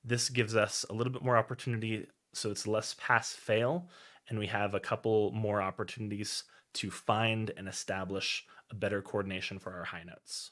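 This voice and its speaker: A man with a fairly low speaking voice walks students through vocal warm-ups like a patient teacher, explaining each exercise in plain terms. A soft piano plays faintly behind him. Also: little pitch movement, normal speed. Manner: clear, explanatory teaching with sung demonstrations. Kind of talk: singing lesson instruction.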